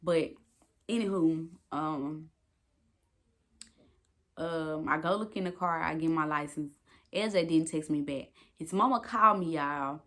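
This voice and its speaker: Woman in her twenties, slightly low voice, casual storytime vlogger, animated and profane, keeps talking straight to viewers. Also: unhurried, pauses often.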